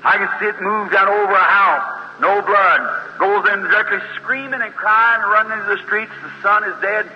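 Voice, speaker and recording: Man preaching, high fervent voice, storytelling sermon, dull lo-fi sound in a reverberant hall. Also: fairly even intonation, moderate pace. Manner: fervent, storytelling with acted dialogue, rising to high exclamations. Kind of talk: fiery revival sermon. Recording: dull lo-fi hall recording with faint hiss.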